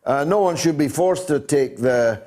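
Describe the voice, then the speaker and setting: Talk show host guy, brisk, lots of uhs, taking calls. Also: a little high, expressive, a little mellow. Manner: brisk, takes calls, says uh often.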